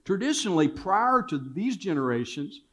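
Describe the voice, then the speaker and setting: Older male pastor, slightly high voice, storytelling sermon delivery, repeats lines for emphasis. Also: big pitch swings, moderate pace. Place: church sanctuary.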